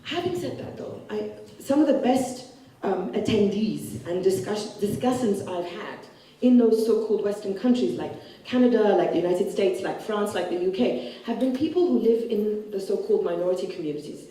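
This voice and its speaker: Outspoken woman author, mellow low-key tone, sounds far off in a big echoey hall. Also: moderate pace. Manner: blunt and animated, acts out quoted people. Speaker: author discussing her book. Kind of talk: festival stage conversation. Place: large hall at a literature festival.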